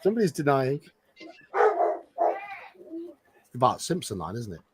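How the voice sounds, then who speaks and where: Lively, husky man reading a gamebook. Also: medium pitch, normal speed. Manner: reads aloud with asides and chuckles. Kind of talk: live gamebook playthrough narration.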